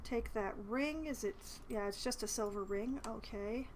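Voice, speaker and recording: A woman's voice: a little high, moderate pace, a little hiss or hum, low-quality recording. A woman casually commentating her playthrough of a fantasy role-playing game at home, chatting and reading dialogue aloud. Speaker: game streamer. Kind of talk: casual let's-play commentary. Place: apartment at home.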